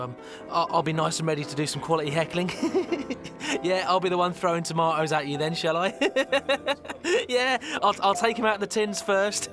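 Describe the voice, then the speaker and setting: A man's voice: fairly high pitch, natural voice. A man playing a stammering, awkward wedding guest. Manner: stammering, hesitant, nervous laughs. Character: awkward rambling man at a wedding, fumbling and overeager. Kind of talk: radio comedy monologue.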